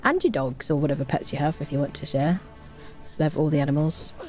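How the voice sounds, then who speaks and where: A woman's voice: deep voice, a little fast, darkish tone, soft background music. A woman streaming a game live, chatting casually with her viewers and humming little tunes to herself.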